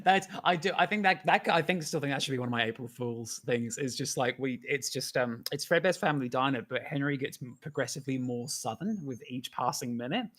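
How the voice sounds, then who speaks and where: A man's voice: medium pitch, a little fast, hardly any pauses, fairly bright tone. A man chatting casually on a live stream, rambling, laughing often and swearing freely. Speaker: guest animator.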